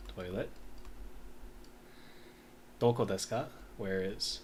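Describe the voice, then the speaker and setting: A man in a casual study session, reading lines aloud slowly and mumbling as he writes and sounds out words. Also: low voice, creaky, a little mellow, slight background noise. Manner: slow, mumbling while writing, sounds out words. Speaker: language learner.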